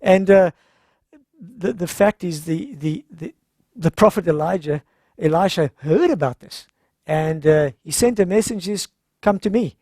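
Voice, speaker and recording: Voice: mid-range voice, expressive, unhurried, mellow, dry recording, studio quality. A speaker gives a conversational Bible-story sermon at a health seminar, retelling scripture informally and acting out the characters' lines.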